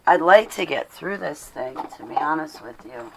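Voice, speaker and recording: Low, gravelly woman, halting and emotional. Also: animated, noisy background. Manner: halting and apologetic, with many fillers and pauses. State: emotional, near tears. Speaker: livestreamer reading her own writing. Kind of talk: casual livestream talk.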